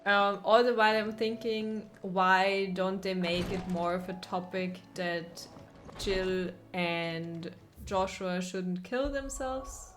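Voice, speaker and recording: A woman's voice: mid-range voice, steady tone, slow pace, a bit bright, slight background noise. A woman streaming a video game, chatting casually and playfully with her viewers and laughing often. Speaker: gaming streamer. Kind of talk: casual live-stream commentary over gameplay.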